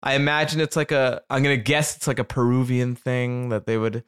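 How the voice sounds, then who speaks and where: A man's voice: mid-range voice, fairly quick, smooth. A man in casual comedic conversation, telling stories with lots of profanity and swings of energy. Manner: animated storytelling with profanity.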